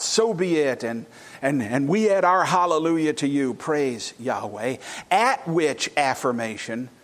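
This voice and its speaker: A man preaching a sermon, swinging between loud exclamations and hushed, near-whispered reflection. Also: on the high side, slightly rough. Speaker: pastor.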